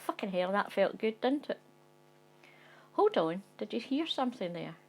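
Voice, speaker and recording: A woman's voice: mid-range voice, big pitch swings, normal speed, darkish tone. A woman reading a second-person comic short story aloud in a wry, conspiratorial tone that breaks into sweary outbursts of indignation.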